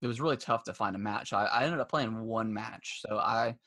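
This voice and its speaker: A man's voice: on the low side, a little fast, bright, forceful tone. A man co-hosting a casual gaming podcast, rambling with many restarts and fillers, and laughing as he retells stories. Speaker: podcast co-host. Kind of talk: casual chat.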